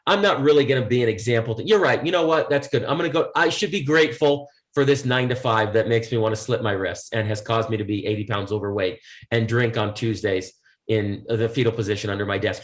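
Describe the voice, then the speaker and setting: A man's voice: medium pitch, fast talker, reverberant. A man who is a motivational speaker talking in a podcast interview, pressing home his points with repeated rhetorical questions. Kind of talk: emphatic podcast conversation.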